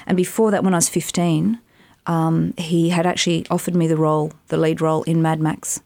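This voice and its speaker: A middle-aged woman, an actress and voiceover artist, telling animated stories in a casual interview, with rambling asides. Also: sits low, a little fast, creaky, dry recording. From Australia. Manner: animated, chatty, rambling anecdotes with many asides.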